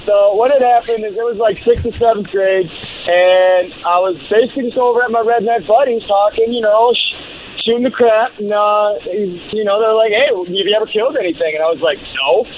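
A man's voice: high voice, normal speed, slight background noise. A man from Michigan calling into a radio show, telling a story in a joking, teasing way. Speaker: caller. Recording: lo-fi phone line.

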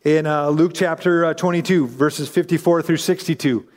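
A pastor who is an adult parent preaches a sermon in a conversational way, acting out the voices of people in the story he tells. His voice is fairly high and steady, at a moderate pace, with a big-room sound.

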